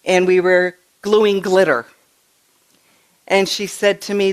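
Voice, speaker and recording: An older woman minister giving a relaxed, conversational sermon in a church. She tells stories in an animated way, keeps her voice in a middle pitch, and often repeats words as she restarts her sentences. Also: measured pace, long pauses. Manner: chatty, animated storytelling with frequent restarts. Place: church sanctuary.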